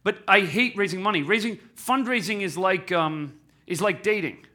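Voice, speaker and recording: A man's voice: high-pitched, moderate pace, bright, forceful tone. A man in his thirties giving a candid, self-deprecating talk to a live audience, often asking the crowd questions. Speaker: speaker at a live event.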